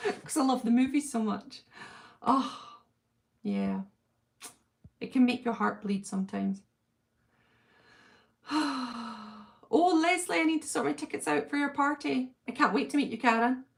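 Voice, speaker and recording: A woman's voice: high voice, unhurried, vocal fry, long pauses. A middle-aged woman with a Welsh accent, hosting a casual chat and reading out viewer comments, gushing and laughing often. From Wales. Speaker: livestream host.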